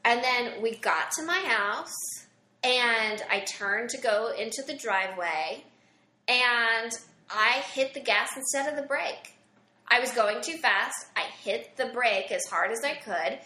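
Woman guest from Southern Illinois, bright higher voice, animated storyteller, echoey room. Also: unhurried. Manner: animated storyteller, acts out quotes. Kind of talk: casual interview chat.

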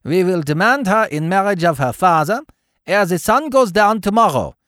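A man's voice: high-pitched, lively intonation, normal speed, a bit bright, no echo, studio quality, voice pushed up. A man voicing a blustering, boisterous middle-aged nobleman who makes pompous, bellowing proclamations in a storybook reading. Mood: boisterous toasting.

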